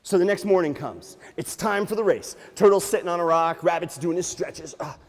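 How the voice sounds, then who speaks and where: A man working as a nature museum storyteller, telling an animated, playful tale to children with sound effects. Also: sits high, moderate pace. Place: library room. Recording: echoey hall.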